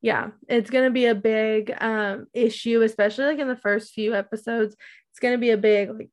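A woman's voice: fairly high pitch, fairly even intonation, moderate pace. Chatty woman recapping with lots of fillers. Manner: rambling, many fillers and likes. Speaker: podcast co-host. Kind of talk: casual chat recapping a TV show.

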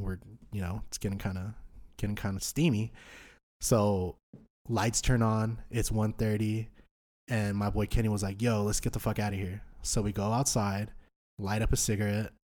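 A young man in his twenties tells a night-out story on a podcast, in a fairly low voice. His talk is loose, slangy and full of swearing. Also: fairly even intonation, fairly quick, darkish tone. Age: 20s. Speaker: podcast host. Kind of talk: storytelling in casual chat.

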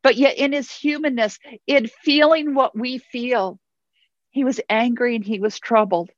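A woman's voice: on the high side, measured pace, no echo, lo-fi sound. A woman pastor preaching a sermon in an earnest way, repeating phrases for emphasis.

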